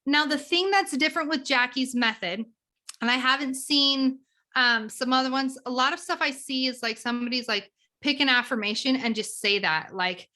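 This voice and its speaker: A woman guest explaining a tapping method in a conversational, teaching way, animated and acting out examples as she goes. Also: high-pitched, moderate pace. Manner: animated, acts out examples of inner talk.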